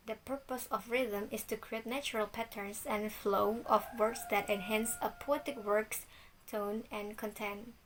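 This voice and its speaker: A woman's voice: mid-range voice, rough recording. Young woman, balinese accent, reading her class slides, slight hiss behind. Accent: Balinese Indonesian. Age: young adult. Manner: reads from a script with some slips. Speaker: student presenter.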